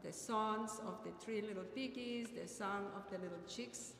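A middle-aged woman gives a heartfelt eulogy in an earnest, measured way. Her mid-range voice rings out through an echoey hall with a long reverb tail, and faint ambient noise sits underneath. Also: medium pitch, fairly bright tone. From Peru. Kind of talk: memorial eulogy.

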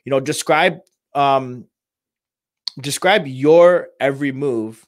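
A man who works in home care, giving informal advice to families and talking in halting bursts full of restarts and fillers. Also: medium pitch, dry recording, clean studio sound. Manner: halting, many restarts and "you know" fillers.

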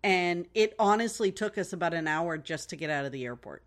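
A woman's voice: fairly low pitch, expressive, a little fast. Chatty, laughing woman podcast co-host. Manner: chatty, self-mocking, laughs easily. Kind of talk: casual chat.

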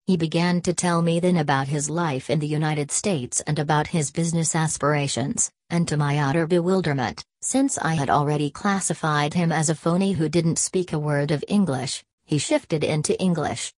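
Low-voiced woman reading a story. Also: moderate pace, a little mellow, no room sound. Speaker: narrator. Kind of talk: audiobook reading.

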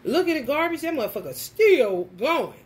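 A woman tarot reader telling a story in a casual vlog, animated and profane, often laughing. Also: high-pitched, moderate pace.

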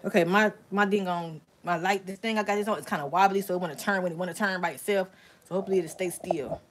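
A woman hosting a casual live-stream crafting tutorial, chatty and excitable, talking straight to her viewers. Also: on the low side, fast, a little hiss or hum. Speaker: crafting channel host.

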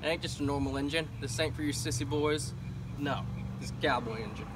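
A man's voice: a little high, fairly quick, natural voice. A man voicing a boastful macho cowboy rancher, folksy and mocking, outdoors by a truck. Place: outdoors beside a pickup truck. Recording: distant mic with outdoor vehicle noise.

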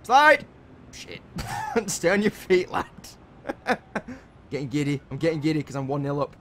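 A young man, giving casual commentary while playing a football video game and shouting encouragement and curses at the players. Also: fairly high pitch, sing-song, a little slow. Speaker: gaming channel host.

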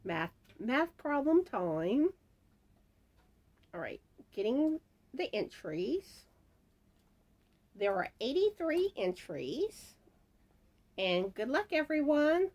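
A woman's voice: sits high, very animated, a little mellow. A woman hosting a crochet channel, casually announcing giveaway winners and chatting to herself, her voice starting to give out. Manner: chatty and unhurried, mutters asides to herself. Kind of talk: casual giveaway announcement, reading viewer comments.

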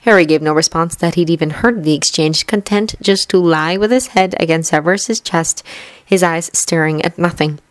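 A woman reading fanfiction aloud as an audiobook, in steady, measured storytelling. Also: lowish voice, no echo, rough recording. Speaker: fanfiction reader. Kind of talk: audiobook narration.

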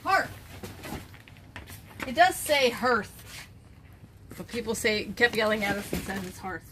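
A woman's voice: a little high, lively intonation, brisk, a bit bright. Woman host, casual self-deprecating unboxing chatter, noisy home recording. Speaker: online reseller, channel host.

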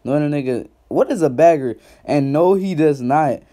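A man's voice: on the high side, moderate pace, warm tone. A man doing reaction commentary, roasting another creator in loose slang and laughing often.

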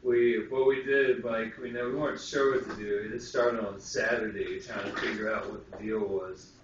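Man, low pitch, co-host, storytelling, very echoey room, lo-fi. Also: moderate pace. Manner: animated storyteller, acts out quoted voices. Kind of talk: casual spiritual talk show chat. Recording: distant, roomy, dull lo-fi sound with hiss.

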